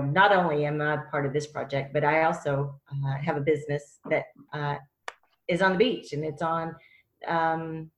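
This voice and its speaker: A woman with a fairly low voice talks hesitantly as a podcast guest, often pausing on fillers. The recording carries a roomy echo around her. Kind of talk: casual podcast talk.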